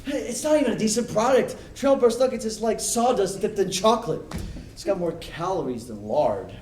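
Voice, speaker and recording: A man performing an exasperated young TV actor with a lively, swooping high voice. Recorded live in an echoey theater from far off with some hiss. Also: moderate pace. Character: frustrated male TV actor, earnest and defensive. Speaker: stage actor. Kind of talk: live amateur stage play.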